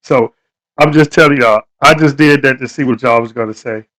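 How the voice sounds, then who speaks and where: A man's voice: mid-range voice, brisk, fairly bright tone, rough recording. A man hosting a casual live stream, talking to his viewers in a loose, repetitive, preachy way.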